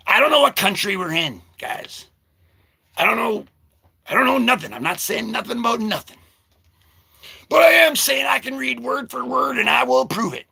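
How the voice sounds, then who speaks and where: A man hosting a casual comic-book vlog, rambling and joking with sudden shouted bursts. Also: very high voice, expressive, normal speed, vocal fry, long pauses, breathy edge.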